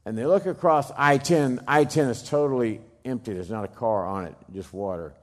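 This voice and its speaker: A middle-aged man giving a dramatic storytelling speech, emphatic, swinging from loud bursts to hushed low lines. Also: moderate pace. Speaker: speaker telling a personal story.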